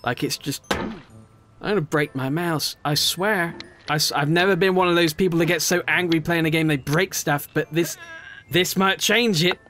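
A young man giving gameplay commentary as a YouTuber, muttering low rants, then swearing and shouting in bursts. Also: moderate pace, a little hiss or hum. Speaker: gaming YouTuber.

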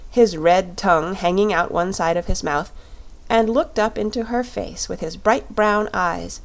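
A woman narrating a classic children's story at a steady pace. Her voice is mid-pitched and clear, suited to a calm audiobook reading. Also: a little slow.

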